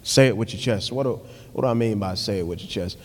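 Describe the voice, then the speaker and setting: A man's voice: lowish voice, quick pace, darkish tone. A young adult man preaching a live sermon in a large church hall, reading scripture and praying in a rhythmic cadence that swells into emphatic hollering. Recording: long reverb of a church hall with music behind.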